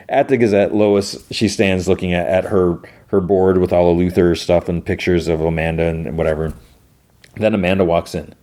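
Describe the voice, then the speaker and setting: Brief: male podcast host, low pitch, rambling casual recap, stop-start delivery. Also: steady tone, moderate pace, warm tone. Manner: rambling retelling full of "he's like" and restarts.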